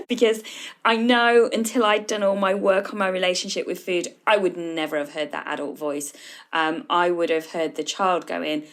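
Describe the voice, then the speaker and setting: A woman's voice: fairly low pitch, steady tone, moderate pace. A woman hosting a solo podcast, explaining in a conversational way and addressing the listener directly. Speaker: podcast host, food coach.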